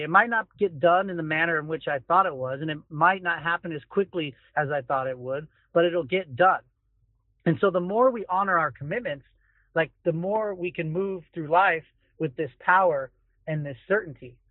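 Energetic guy doing a pep-talk podcast in his car, high voice, tinny phone recording, dead dry sound. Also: moderate pace, dry recording. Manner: energetic, emphatic, conversational with frequent "like". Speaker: podcast host. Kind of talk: solo motivational podcast. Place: parked car.

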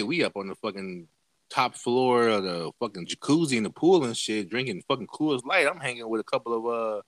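A man's voice: fairly low pitch, a bit bright, no echo. A man casually telling a profane story to friends on a podcast, acting out the people he quotes with big jumps in his voice. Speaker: podcast host.

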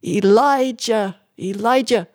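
A reader voicing a grieving, desperate mother in a dramatic audiobook, her lines pitched higher and pleading. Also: measured pace, dark tone, dry recording, clean studio sound. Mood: anguished. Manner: raised, pleading, higher than the narration.

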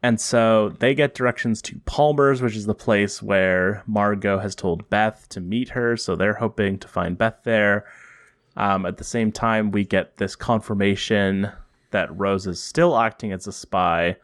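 Low-voiced man chatting casually about comics. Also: unhurried, no echo, clean studio sound. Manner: relaxed, thinking aloud with restarts and chuckles. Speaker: podcast co-host. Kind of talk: casual comic book discussion.

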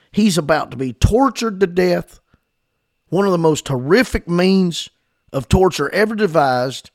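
A man's voice: fairly high pitch, creaky, dry recording, clean studio sound. A man preaching a sermon in a fervent, emphatic style, often repeating himself as he builds a point.

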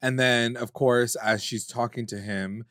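Man, mid-pitch, co-host energy, swears freely, dry close-mic sound. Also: unhurried, no echo. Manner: animated, profane, acts out characters' lines. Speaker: podcast co-host recapping a TV episode. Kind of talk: casual chat.

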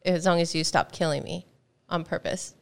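Female podcast co-host, lowish voice, playful teasing. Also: steady tone, creaky. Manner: teasing, quick to laugh. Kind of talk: casual chat.

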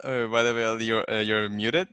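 Bright, dry-sounding man co-hosting. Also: fairly low pitch, little pitch movement, moderate pace, clear, resonant tone, no room sound. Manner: short prompts and easy back-and-forth. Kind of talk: casual chat.

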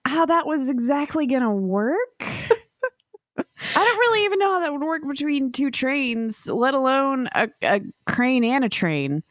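A woman's voice: sits high, unhurried, no echo, studio quality. A woman podcast co-host chatting casually and cracking jokes in reaction to a story. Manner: wisecracking, animated reactions. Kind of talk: casual comedic chat.

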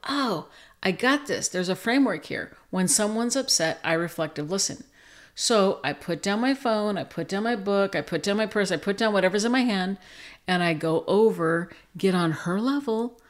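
An older woman, a grandmother, teaching a lesson on listening skills and acting out gentle example dialogue. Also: medium pitch. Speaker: parenting and relationship educator. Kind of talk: teaching talk with acted examples.

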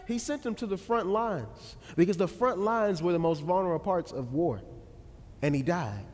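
A male preacher with a high, animated voice tells his sermon story, swinging from loud peaks to hushed lows. He speaks in a Black American vernacular style. The sound carries a long reverb. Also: normal speed.

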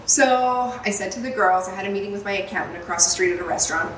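A woman's voice: mid-range voice, quick pace, fairly bright tone, distant mic, a little hiss or hum. A woman, a salon owner hosting a podcast, telling a story with lots of swearing and laughter. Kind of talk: casual storytelling chat. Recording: roomy, off-mic with faint ambience.

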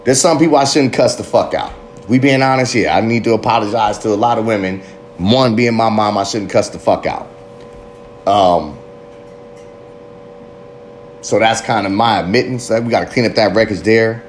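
A man's voice: fairly low pitch, moderate pace, pauses often, slight background noise. A man giving a fiery, profanity-laced motivational monologue about addiction and recovery. He rambles, goes off on tangents and speaks with raw passion.

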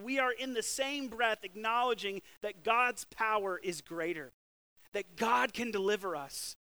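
A man preaching a sermon with lively swings between loud, emphatic bursts and hushed, slow scripture reading. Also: very high-pitched, dry recording, rough recording. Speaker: pastor.

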